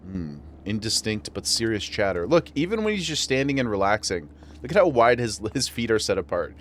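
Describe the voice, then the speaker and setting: A man from western New York, speaking with that region's accent, chats casually over a game he's streaming and laughs often. His voice is medium-pitched with big swings, his pace is brisk, and there's slight background noise.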